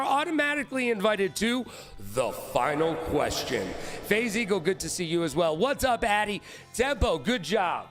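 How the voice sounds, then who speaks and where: A man hosting a live-streamed trivia show, hyped and playful, shouting out viewers by name. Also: sits high, sing-song, moderate pace, faint music behind.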